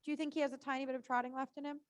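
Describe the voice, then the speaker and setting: A woman with a high voice coaches a rider through a live lesson. She is chatty and encouraging, with a running stream of "good" and "right?". The sound is dry, with little room echo. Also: level tone, racing. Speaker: riding instructor.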